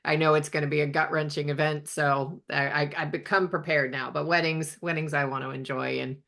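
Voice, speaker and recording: A woman podcast host chats and tells stories in an animated way, acting out little quotes as she goes. Her voice is low for a woman but bright and forceful in tone. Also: brisk, vocal fry. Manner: chatty, animated storytelling with acted-out quotes. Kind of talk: casual interview chat.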